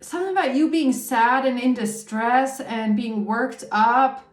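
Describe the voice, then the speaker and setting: A woman's voice: fairly high pitch, a little slow, reverberant. A woman giving a casual tarot reading monologue, blunt and profane, with indignant asides. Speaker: tarot reader.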